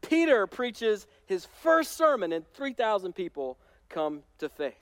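High-voiced man preaching a lively sermon. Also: measured pace, no echo. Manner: conversational, animated storytelling with humor. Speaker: pastor.

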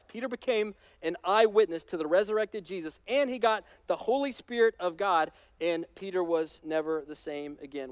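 A man pastor preaching a sermon in a conversational, animated storytelling way with touches of humor. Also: on the high side, no echo.

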